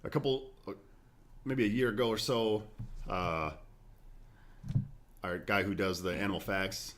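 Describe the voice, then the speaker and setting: A man co-hosting a podcast in casual chat, laid-back, swearing and giving shout-outs. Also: lowish voice, measured pace. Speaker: podcast co-host.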